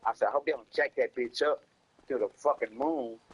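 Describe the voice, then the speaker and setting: A man's voice: medium pitch, a little fast, husky, poor audio. A man casually telling a long rambling story, repeating himself and cursing, in slangy talk. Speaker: storyteller streaming a game.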